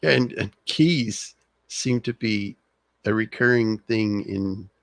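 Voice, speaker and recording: Low, gravelly man hosting a movie chat. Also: dry recording. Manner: laid-back, halting, laughs often. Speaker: podcast host. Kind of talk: casual movie discussion.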